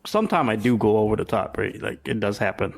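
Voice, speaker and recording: A man's voice: fairly low pitch, animated, quick pace, creaky. A man in a casual podcast chat, playfully defending himself against teasing.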